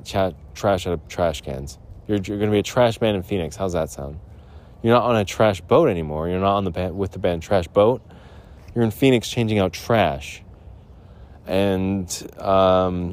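A man rambles through a story on his own podcast, loose and profane, laughing at his own punchlines. His voice sits a little low. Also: a little mellow. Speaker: podcast host.

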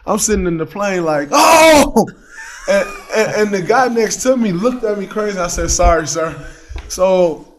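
A man in casual chat, telling stories with animated energy and acting out his own shouts. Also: high-pitched. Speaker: guest, pro athlete.

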